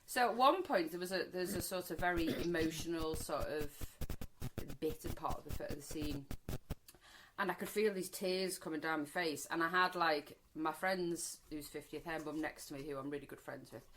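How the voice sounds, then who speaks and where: A woman in her forties from the Wirral in England co-hosts a casual chat podcast, speaking freely, swearing, and acting out snippets of dialogue. Her voice is low-pitched and moves at a normal speed, with background noise behind it.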